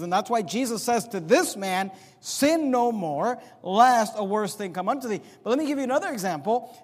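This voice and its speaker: A man preaching with a notably high voice, the words ringing out through a long, reverberant hall. He swells loud on key points, drops to a near-mutter for sarcastic asides, and slows right down to land a line. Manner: preacher's animated delivery, rising loud on emphasis and dropping low for asides. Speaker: pastor. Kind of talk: sermon.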